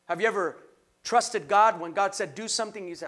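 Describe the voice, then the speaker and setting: A pastor preaching a sermon, his voice very high for a man. The tone is bright and forceful, and he drives his points through rhythmic repetition. At its peaks his delivery rises into full shouts. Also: brisk. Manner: rhythmic repetition, call-and-response.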